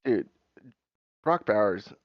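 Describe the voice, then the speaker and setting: A man's voice: fairly low pitch, sing-song, takes it slowly, dry recording, lo-fi sound. A young man co-hosting a casual sports podcast, talking bluntly and sounding irritated. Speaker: podcast co-host.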